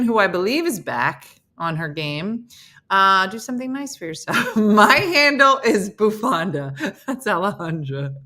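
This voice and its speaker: A woman's voice: medium pitch, sharp tone. A middle-aged woman with a New Jersey accent, hosting a casual live morning show and chatting with viewers in a self-mocking way.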